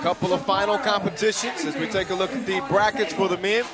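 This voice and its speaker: A man doing live play-by-play commentary, hyped and shouting his calls, out of breath after a long day. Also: high voice, fast talker. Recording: loud music and crowd behind.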